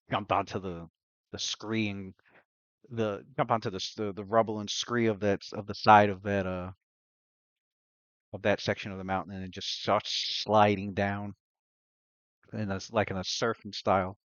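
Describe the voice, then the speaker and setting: A man narrating a tabletop game as game master, halting and correcting himself as he searches for words. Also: lowish voice, fairly bright tone, no room sound. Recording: dull lo-fi recording.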